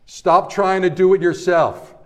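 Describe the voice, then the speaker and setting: A middle-aged man preaching a sermon, telling stories from his ministry and swinging between hushed passages and loud, excited ones. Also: high-pitched, a little slow. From New Jersey area, Italian-American family. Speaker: pastor. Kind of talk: sermon with personal storytelling.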